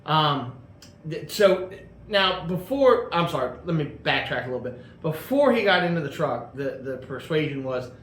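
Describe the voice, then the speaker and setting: A host tells a long personal story about a car, rambling casually with lots of fillers and restarts. His voice sits on the high side, a bit bright, with big pitch swings and normal speed. The room is echoey, with faint ambience.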